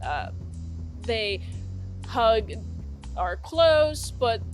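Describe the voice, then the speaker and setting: A woman's voice: fairly high pitch, sing-song, extremely slow, faint music behind. A young woman casually retelling a movie's plot for a review, rambling, swearing now and then and laughing at her own asides.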